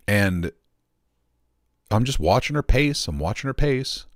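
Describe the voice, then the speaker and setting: A man's voice: mid-range voice, expressive, measured pace, pauses often, no room sound, clean studio sound. A man ranting and telling a story at home in a casual, profane, rambling way. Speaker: streamer.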